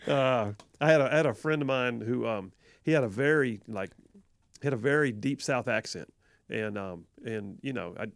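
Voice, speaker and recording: Casting: middle-aged Southern man, radio talk host, gravelly, dry close studio mic, chatty and quick to laugh. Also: medium pitch, no room sound. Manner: chatty, self-deprecating, laughs often. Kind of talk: casual call-in radio talk. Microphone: studio microphone.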